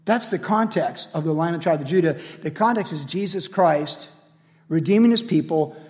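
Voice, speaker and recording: A male pastor with a notably high voice delivers a lively, casual sermon. He leans on repeated refrains and builds energy as he goes. The sound carries a long, church-like reverb. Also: normal speed. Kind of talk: radio sermon.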